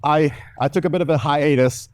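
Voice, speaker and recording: A man's voice: a little high, fairly quick, no room sound, clean studio sound. A man from Mexico in his thirties doing a stand-up comedy set, loose and profane, often laughing at his own jokes.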